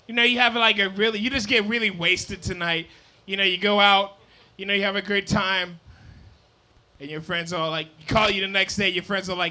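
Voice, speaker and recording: A man's voice: high voice, fairly even intonation, brisk. A drunk young man doing a rambling, apologetic stand-up set on a comedy club stage. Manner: rambling, apologetic, loose and loud.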